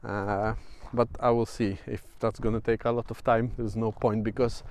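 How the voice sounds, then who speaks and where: A man's voice: fairly low pitch, little pitch movement, normal speed, a little mellow. A man with a Polish accent talking through a casual vlog, hesitant, with many fillers and restarts. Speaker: vlogger. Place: outdoors at sunset.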